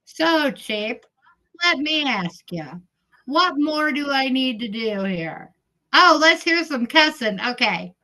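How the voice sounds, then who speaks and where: A woman's voice: high-pitched, big pitch swings, slow, pauses often, pushed and bright. A middle-aged woman chatting casually on her livestream, heckling and giggling as she reads viewers' comments. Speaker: livestream host.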